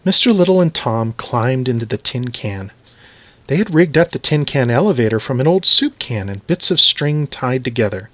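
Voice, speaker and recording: A man reading a children's story aloud in an animated, expressive way. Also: mid-range voice, moderate pace, dry recording.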